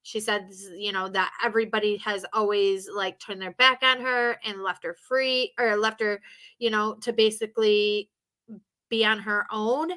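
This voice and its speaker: A woman's voice: mid-range voice, steady tone, moderate pace, sharp tone. A woman giving casual commentary, hesitant, with many fillers and restarts.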